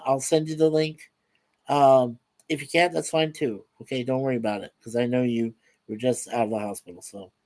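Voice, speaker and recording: An older man chats on a casual live stream, reading out viewer comments one after another. His talk is affectionate and loose, full of fillers and easy laughter, at an ordinary middle pitch. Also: a little mellow. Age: over 50. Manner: affectionate, rambling, laughs easily.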